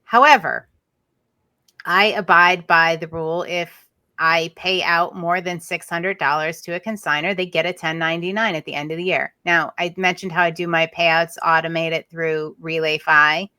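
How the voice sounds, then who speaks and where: Bright-voiced woman podcast host. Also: on the low side, fairly even intonation, moderate pace, no echo. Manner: practical, emphatic, chatty. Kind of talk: casual advice chat.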